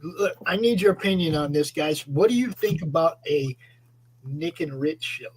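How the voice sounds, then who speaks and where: A man on a livestream chat who pitches ideas to the group and plugs books. His voice sits high. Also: normal speed, breathy edge, low-quality recording.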